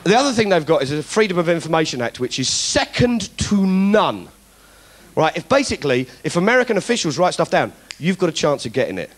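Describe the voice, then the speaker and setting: A man's voice: on the high side, very animated, a little fast. A man doing stand-up political comedy, ranting in mock indignation with plenty of swearing. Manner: acts out other people's voices.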